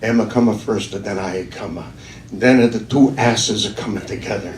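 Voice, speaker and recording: A man putting on an Italian accent, playing an animated man speaking in broken English. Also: on the low side, normal speed, pitched below the performer's own voice, lightly acted. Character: Italian man talking on a phone on a bus. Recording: echoey room, distant mic, noisy.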